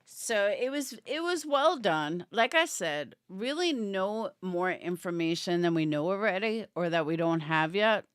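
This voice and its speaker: A woman's voice: mid-range voice, expressive, a little slow, few pauses, clean tone, no room sound, studio quality. A woman giving opinionated casual commentary on a true crime case, answering viewers by name and yawning as she talks. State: yawning, tired. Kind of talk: casual live-stream commentary.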